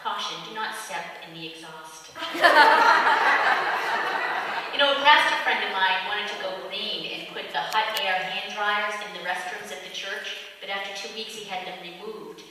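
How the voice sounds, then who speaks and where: A woman leading a church service, telling jokes to the congregation in a lively storytelling manner. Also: mid-range voice, moderate pace, noisy background. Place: large church sanctuary. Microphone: distant room mic. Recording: echoey church hall from far off.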